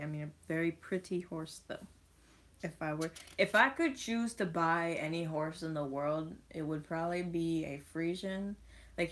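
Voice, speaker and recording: A young woman chatting casually as she unboxes toy horses, rambling and reading bits of text aloud. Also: sits low. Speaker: vlogger.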